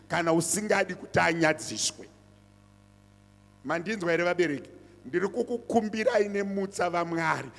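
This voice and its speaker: Emphatic pastor. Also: male voice, high voice, moderate pace, creaky, fairly bright tone. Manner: emphatic, repeats phrases, switches between languages. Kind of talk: sermon and church announcements. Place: church hall. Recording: reverberant church hall.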